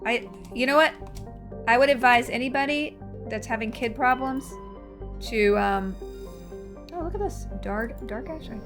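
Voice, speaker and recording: A woman's voice: a little high, a little slow, long pauses, over music. A woman chatting casually while she streams a video game, telling stories and reacting to the play. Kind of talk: casual chat while gaming.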